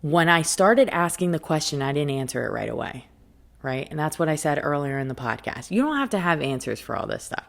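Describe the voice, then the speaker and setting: A woman's voice: low voice, sing-song, fairly quick, creaky. A woman hosting a spiritual podcast, talking frankly and casually, often checking in with "right?". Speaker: podcast host and life coach.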